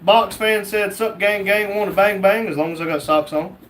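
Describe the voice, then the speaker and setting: A man's voice: high voice, fairly even intonation, moderate pace, fairly bright tone, slight background noise. A man hosting a casual livestream, reading out chat comments and joking back.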